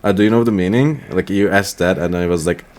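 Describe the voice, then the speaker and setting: A man from Turkey co-hosting a casual podcast, rambling with lots of filler words and gently teasing his partner. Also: low voice, quick pace. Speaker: podcast co-host. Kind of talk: casual chat.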